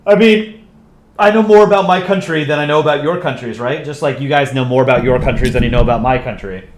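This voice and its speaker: Chatty American streamer in an echoey room. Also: male voice, mid-range voice, fast talker. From United States. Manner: rambling, chatty, reads viewer comments aloud. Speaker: channel host on a livestream. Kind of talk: casual livestream chat.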